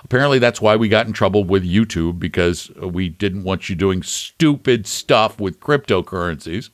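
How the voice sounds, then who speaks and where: A man's voice: deep voice, moderate pace, no room sound. A man co-hosting a talk radio finance show, chatting casually and jokingly, often repeating words. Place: Florida.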